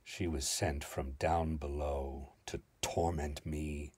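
A man narrates a dark story in the first person, grave and theatrical. His voice is deep with a husky grain. The sound is close and dry, with no room around it. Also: level tone, slow pace, dry recording. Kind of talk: dramatic story reading.

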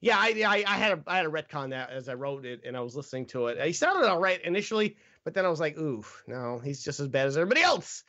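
A man's voice: fairly high pitch, very animated, rapid-fire, few pauses, pushed and bright, no echo, dull audio. A man hosting a casual comedic movie review podcast, reading scripted jokes with stumbles and laughs. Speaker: podcast host.

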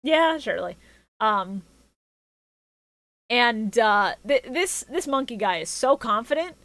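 A woman's voice: fairly high pitch, very animated, slow, fairly bright tone, no echo. A woman co-hosting a podcast, recapping episodes in a casual, sarcastic, joking way and swearing freely. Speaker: podcast co-host.

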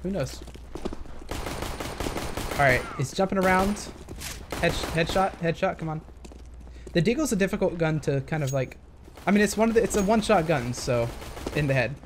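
A man's voice: fairly high pitch, expressive, moderate pace, long pauses, background noise. Young man musing over gameplay footage. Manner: thinking aloud, hesitant with many fillers. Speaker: gaming commentator. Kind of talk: casual gameplay commentary.

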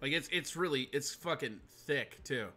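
A man's voice: medium pitch, normal speed, pushed and bright, faint music behind. A Minnesotan man co-hosting a podcast, chatting casually in a brash, profane, teasing way. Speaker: podcast co-host. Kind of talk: casual chat.

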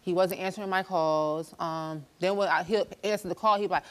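A woman's voice: lowish voice, brisk. A woman guest on a talk show, animatedly retelling a relationship fight on a studio stage. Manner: animated storytelling, acting out quarrels.

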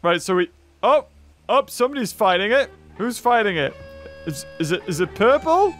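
A man giving excitable gameplay commentary, laughing often and yelping at jump scares. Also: sits high, normal speed, soft background music. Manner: excitable, laughs a lot, yelps and shouts at scares. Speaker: gaming YouTuber.

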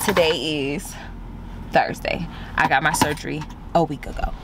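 A woman's voice: deep voice, moderate pace, background noise. Chatty woman vlogging from her car, sore. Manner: chatty, animated, calls viewers "y'all" and "girl". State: sore and recovering after surgery. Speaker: beauty vlogger. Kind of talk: casual vlog chat to camera. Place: inside a parked car.

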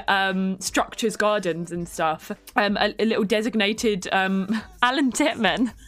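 A woman with a medium-pitched, slightly bright voice streams a game, offering casual commentary, laughing often and breaking into dramatic exclamations.

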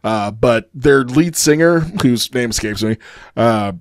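A man's voice: mid-range voice, a little slow, no room sound, clean studio sound. A man co-hosting a casual podcast, chatting loosely with frequent fillers and easy laughs. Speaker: podcast co-host. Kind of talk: casual chat.

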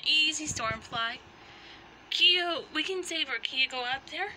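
A very high, bright woman performs a homemade fan play, hopping between character voices with an excitable edge. Her pitch swings widely, and her delivery stays unhurried between the bursts. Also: slight background noise, low-quality recording. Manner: excitable, switching among many character voices. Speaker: fan video performer voicing every character.

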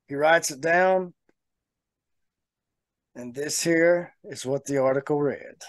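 A man co-hosting a podcast, telling a long story in a casual, animated way and laughing often. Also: fairly high pitch, takes it slowly, pauses often, dry recording. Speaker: podcast co-host.

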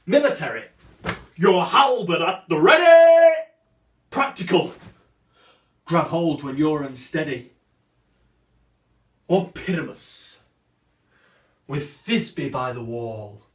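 A man performs a boastful, quick-witted swordsman who mocks his rival in grand theatrical verse. The voice sits fairly high and leaps all over, and the lines come slow and deliberate. It sounds set back from the mic in a roomy, echoing space. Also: very animated. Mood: mocking. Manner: declamatory, mocking, sweeping swings of voice. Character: proud witty swordsman mocking a rival, man. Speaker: stage actor performing a monologue. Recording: roomy echo, distant from the mic.

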